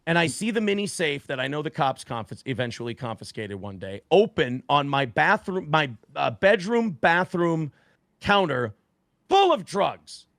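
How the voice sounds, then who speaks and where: Animated, gravelly man telling a story. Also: on the high side, moderate pace, dry recording, clean studio sound. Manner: profane, animated storyteller who acts out quotes. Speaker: guest. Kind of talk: casual storytelling.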